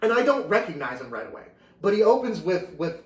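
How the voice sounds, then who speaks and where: A man casually telling a story on a podcast, animated, laughing often and acting out the voices of the people in it. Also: high voice, a little fast. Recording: roomy, distant mic.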